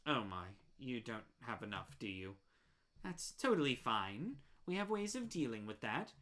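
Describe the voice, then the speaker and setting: A woman's voice: very animated, moderate pace, full character voice. Woman putting on a syrupy spider baker, Muffet. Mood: sweetly menacing. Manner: syrupy, calls you dearie, low hushed menace. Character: sweet-talking greedy spider baker woman.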